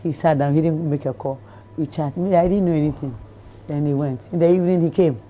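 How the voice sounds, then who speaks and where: A Ghanaian woman, an interview guest, telling a story in a lively way and acting out the lines of the people in it. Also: sits low, fairly quick. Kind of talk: animated storytelling in conversation.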